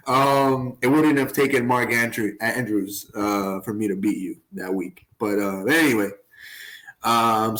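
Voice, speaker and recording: A man's voice: lowish voice, fairly bright tone, low-quality recording. Rambling man talking sports. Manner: rambling with fillers and laughs. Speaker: podcast co-host. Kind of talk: casual sports chat.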